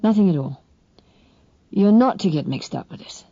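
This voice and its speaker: A woman reading an audiobook and voicing a sick young man in his twenties, who talks in weak, hushed, clipped bursts with firm authority. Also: high-pitched, animated, moderate pace, no echo, dull audio. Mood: weary, urgent. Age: 20s.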